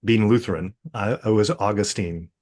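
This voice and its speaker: A man co-hosting a relaxed panel chat, who speaks in halting, hesitant phrases. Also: on the low side, slightly rough. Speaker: podcast co-host. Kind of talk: casual panel conversation.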